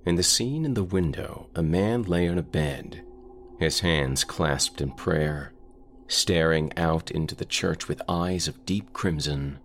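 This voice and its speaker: Very deep gravelly male horror narrator. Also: takes it slowly, slight background noise.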